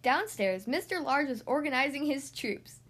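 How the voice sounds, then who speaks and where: A woman reading a children's picture book aloud, in an expressive, animated way. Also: high voice, moderate pace. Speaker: reader.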